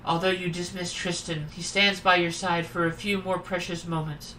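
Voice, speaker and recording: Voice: medium pitch, little pitch movement, normal speed, sharp tone, a little hiss or hum, poor audio. A streamer reading the narration of a horror dating game aloud, with irreverent, wry comments between passages.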